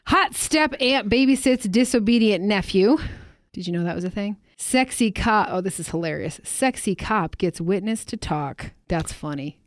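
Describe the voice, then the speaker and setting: A woman's voice: medium pitch, expressive, moderate pace, no room sound. A woman with a mid-range voice, chatting wryly and reading out a story with amused asides. She sounds close and dry in the studio. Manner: wry, chatty, laughs while reading. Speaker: radio co-host. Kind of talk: casual chat.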